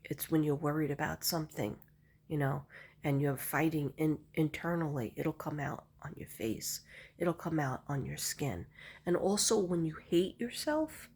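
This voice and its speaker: Casting: husky, lower-pitched middle-aged woman, rambling chatty vlogger who laughs a lot. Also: moderate pace, a little mellow. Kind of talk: casual chat to camera.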